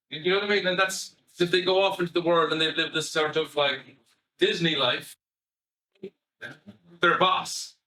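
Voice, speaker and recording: A man's voice: fairly high pitch, distant mic. Irish man speaking in an echoey hall. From Ireland. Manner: conversational, animated, swears casually. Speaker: family psychotherapist giving a talk. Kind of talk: lively public talk.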